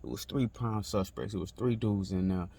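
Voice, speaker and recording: Gravelly low-voiced man telling a story. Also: dark tone. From Texas. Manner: slow, repetitive street-talk retelling, many fillers and restarts. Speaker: author telling his life story. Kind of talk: personal storytelling to camera.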